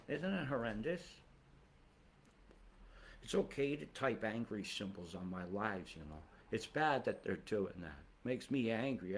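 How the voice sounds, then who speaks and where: A man's voice: lowish voice, slight background noise. A man hosting a weather livestream who rambles into angry, profane, conspiratorial rants.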